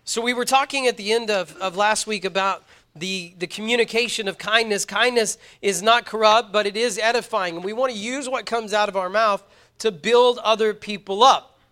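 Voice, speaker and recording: A man preaches a sermon in a high voice. His tone is bright and ringing. He speaks earnestly, hammering points home with repetition. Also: moderate pace. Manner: earnest, emphatic, repeats words when stressing points. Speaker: pastor.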